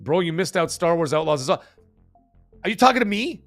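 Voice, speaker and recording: Dude rambling fast on his livestream, kinda higher voice, lots of uhs and restarts, faint music behind. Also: lively intonation, dry recording. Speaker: livestream host reading chat. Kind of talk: casual live-stream chat.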